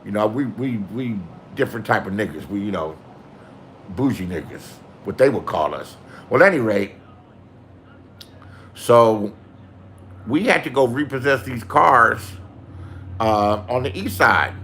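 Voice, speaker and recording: A man's voice: mid-range voice, bright, forceful tone. A man in his sixties telling rambling, profane anecdotes in a casual storytelling style, acting out the people in them.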